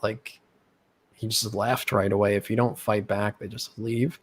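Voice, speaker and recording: This young host speaks unhurriedly in a husky voice that sits on the low side. Telling casual stories to his friends, he gets animated and raises his voice whenever he plays the people he's quoting.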